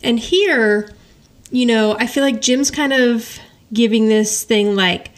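A woman's voice: a little high, slow. A woman co-hosting a podcast, chatting casually and laughing as she recaps a sitcom episode. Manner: animated, quotes characters in paraphrase, laughs often. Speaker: podcast co-host.

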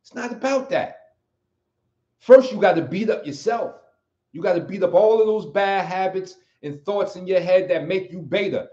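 A man's voice: high voice, normal speed, mellow. An American man hosting a livestream, giving an emphatic, preachy motivational talk and hammering on key phrases over and over. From United States. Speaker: livestream host and martial arts teacher. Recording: roomy, slightly dull audio.

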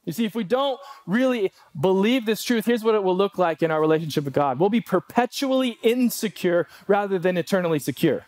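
A man preaching a sermon as pastor, animated, acting out pleading quotes. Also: high voice, brisk, few pauses, no room sound.

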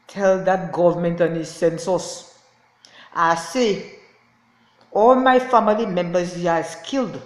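Fervent, slow-talking woman preacher in an echoey room. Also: on the low side. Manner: fervent and repetitive, laughing in anger. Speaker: self-styled prophetess. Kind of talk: impassioned personal rant to camera. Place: indoors, lying on a floor.

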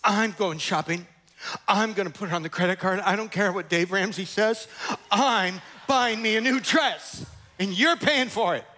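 A man's voice: sits high, normal speed, bright, forceful tone, pitched above the performer's own voice. A man voicing an indignant young wife who talks in a sarcastic, sing-song way. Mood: defiant. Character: indignant young wife, fake-cheerful then defiant.

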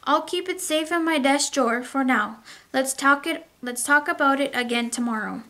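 A woman voicing a calm schoolteacher. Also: sits high, moderate pace. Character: kind female schoolteacher.

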